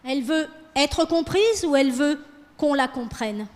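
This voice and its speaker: A woman's voice: sits high, expressive, moderate pace, a little mellow. A woman teaching French in a classroom lecture, switching between English and French and coaxing the class with questions. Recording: long hall reverb.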